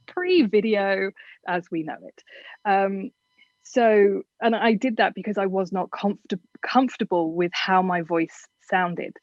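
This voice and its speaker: A woman's voice: mid-range voice, measured pace, darkish tone, no echo, muffled recording. A woman from England with a generic southern English accent, giving frank, chatty advice as an interview guest. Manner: frank, chatty, self-deprecating.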